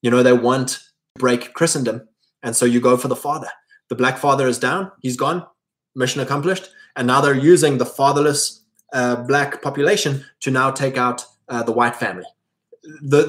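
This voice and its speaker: A man hosting his own video, delivering a blunt, provocative, preachy monologue. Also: mid-range voice. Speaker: video host. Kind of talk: monologue to camera.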